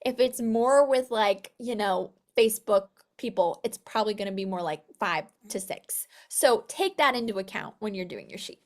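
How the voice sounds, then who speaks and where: A woman's voice: medium pitch, normal speed, hardly any pauses. Upbeat chatty woman coaching her team. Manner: upbeat and chatty, many fillers and "you guys". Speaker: sales team trainer. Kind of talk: live online training talk.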